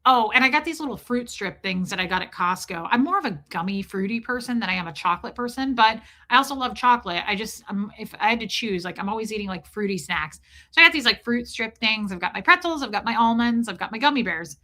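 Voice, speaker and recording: A woman hosting a livestream, telling a comic story in a casual, profane, animated way and calling out viewers in the chat by name. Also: a little high, fast talker. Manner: animated, profane, ranting, reads chat names aloud. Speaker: livestream host.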